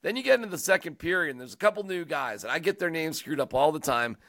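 A man hosting a sports talk show, chatting casually and joking around in an animated, rambling way. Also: on the high side, quick pace, no room sound, studio quality. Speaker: sports radio host.

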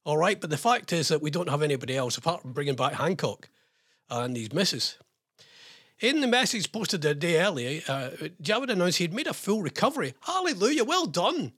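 A man's voice: a little high, very animated, brisk, a bit bright. A British man presenting a radio show, giving opinionated commentary with sarcastic, mocking asides.

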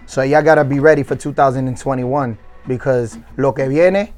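A man's voice: medium pitch, steady tone, normal speed, a little mellow. A man from Connecticut, a DJ guesting on an interview, talking confidently and switching into Spanish now and then. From Stamford, Connecticut. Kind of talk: casual interview.

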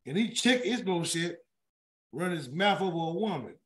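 A man's voice: high voice, lively intonation, normal speed. A man leading a weekly Bible word study. He reads scripture aloud and breaks off into chatty, colloquial asides, often stumbling and restarting over names. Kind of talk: scripture reading with casual commentary.

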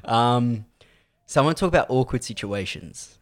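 A young man, co-hosting a podcast and telling stories in a playful, animated way. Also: mid-range voice, moderate pace. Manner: animated storyteller, playful, laughs often. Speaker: podcast co-host. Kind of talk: casual chat.

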